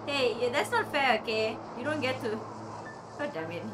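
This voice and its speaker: A woman commentating her video game play, chatty and excitable, talking to the characters and swearing casually. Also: on the high side, normal speed, noisy background. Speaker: gamer playing a video game. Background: soft game music.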